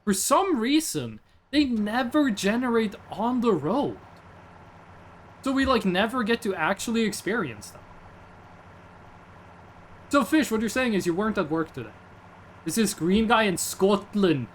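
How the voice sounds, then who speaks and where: A man's voice: high voice, big pitch swings, a little slow, pauses often, a little hiss or hum. A young man, streaming casually in a rambling, jokey way and answering chat. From Norway.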